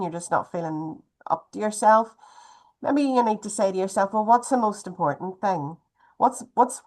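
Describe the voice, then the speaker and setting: A woman giving a gentle, chatty health talk over a video call. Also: fairly low pitch. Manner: gentle, chatty, uses wee often.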